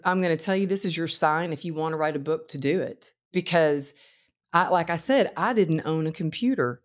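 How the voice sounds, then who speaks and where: Woman, low voice, guest author, conversational storytelling, animated, acts out quotes.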